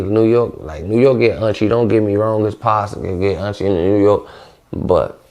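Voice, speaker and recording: Low gravelly-voiced young D.C.-man. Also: a little mellow. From Washington D.C. area. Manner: loose, rambling, heavy on slang. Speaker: vlogger. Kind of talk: casual monologue.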